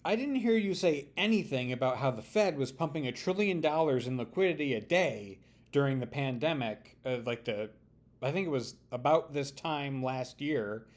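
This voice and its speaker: A man reacting to a news clip, ranting heatedly and sarcastically with mocking impressions. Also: mid-range voice. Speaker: political commentary vlogger. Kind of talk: reaction commentary.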